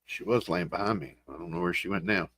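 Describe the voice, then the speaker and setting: A man's voice: sits low, quick pace, a bit bright, breathy edge. A man with a West Virginian accent hosting a casual livestream, greeting viewers by name with a groggy morning voice. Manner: folksy, reads out and greets chat names. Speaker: livestream host. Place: home room.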